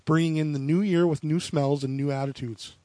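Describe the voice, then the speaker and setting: A young man and father chatting casually on a podcast, joking and profane as he tells quick stories. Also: fairly high pitch, steady tone, dark tone, dry recording.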